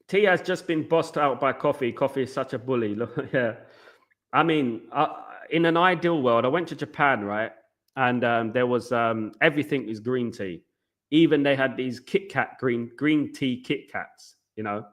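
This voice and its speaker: Casual male host, mid-pitched, rambling watchalong chatter. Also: fairly bright tone. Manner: chatty, rambling, repeats himself, keeps saying "guys". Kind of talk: live football watchalong chat.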